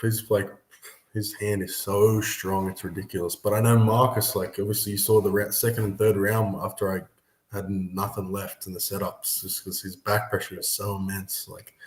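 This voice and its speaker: A young man, an arm wrestler, chatting casually and laughing often between halting sentences. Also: low-pitched, darkish tone. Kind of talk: casual podcast chat. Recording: roomy echo.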